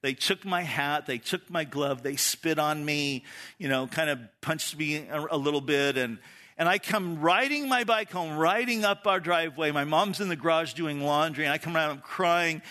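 A man's voice: fairly high pitch, moderate pace, bright, forceful tone. A middle-aged man preaching a sermon, telling stories in a conversational way, often restarting his phrases. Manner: storytelling, with frequent restarts and "you know". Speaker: pastor.

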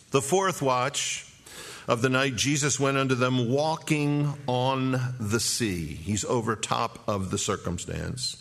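A man's voice: mid-range voice, slow. A man preaching a sermon, telling the scene vividly with rhetorical questions and acted-out moments. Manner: animated storytelling, acting out scenes with rhetorical questions.

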